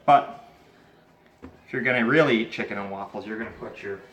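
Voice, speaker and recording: A man's voice: on the low side, brisk, fairly bright tone, roomy sound, slight background noise. A man, hosting a casual home cooking vlog and chatting while he cooks and tastes. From Canada. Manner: chatty, talks while tasting food. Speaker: home cook and channel host. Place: home kitchen.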